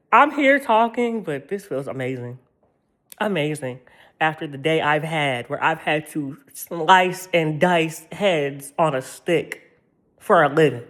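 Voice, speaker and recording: Woman, low-ish voice, sassy rant, profane, vlog monologue. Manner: profane, sassy, animated, laughing often. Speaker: vlogger. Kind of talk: ranting casual monologue.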